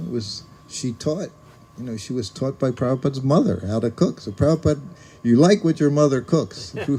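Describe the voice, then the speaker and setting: Older man telling stories in a low, mellow voice. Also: a little hiss or hum. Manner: animated, acts out quoted voices with rising pitch. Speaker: speaker recounting memories as a former personal servant. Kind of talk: casual storytelling talk.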